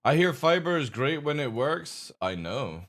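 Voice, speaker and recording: A man's voice: a little high, very animated, measured pace, fairly bright tone. A man streaming from home, chatting casually with his viewers and talking to his dogs in a coaxing voice. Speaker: live streamer. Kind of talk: casual stream chat reacting to a video.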